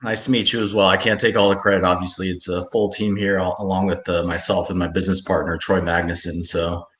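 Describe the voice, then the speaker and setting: A man, a business owner, talking as an interview guest over a video call in a relaxed way with many fillers. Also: sits low, quick pace, a little hiss or hum. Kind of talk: casual interview chat. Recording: echoey room.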